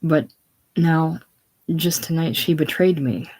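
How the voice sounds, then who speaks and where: A reader voicing an anxious, secretive middle-aged woman in a casual play reading, halting and breaking off mid-sentence. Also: medium pitch, a little mellow, husky, low-quality recording. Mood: fretful.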